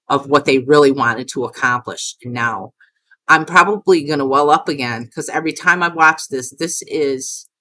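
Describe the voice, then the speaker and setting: A woman's voice: rumbling low, sharp tone. A middle-aged woman narrating her own footage in a casual vlog. She talks in a rambling, emphatic way and curses often. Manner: rambling and emphatic, with frequent cursing. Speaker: video creator.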